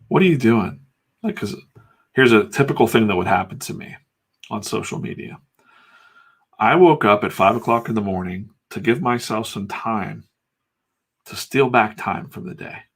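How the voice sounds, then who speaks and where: Casual, rambling talk comes from this middle-aged American comics artist and channel host as he draws, candid and sprinkled with swearing. His lowish voice is creaky and a bit bright, with a breathy edge.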